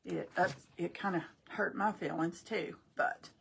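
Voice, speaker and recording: A woman's voice: lowish voice, a little slow, creaky, a bit bright, slight background noise. An older woman, chatting folksily with viewers on a crafting live stream as host. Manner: chatty, folksy, talks to viewers while working.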